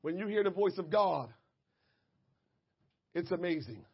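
A man preaching a sermon to his congregation, moving between quiet asides and shouted, impassioned emphasis. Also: sits high, animated, measured pace, breathy edge, muffled recording. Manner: addresses the congregation directly.

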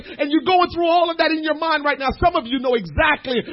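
A man preaching a sermon, moving between slow, quiet teaching and loud, shouted emphasis. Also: very high voice, sing-song, slightly rough, lo-fi sound.

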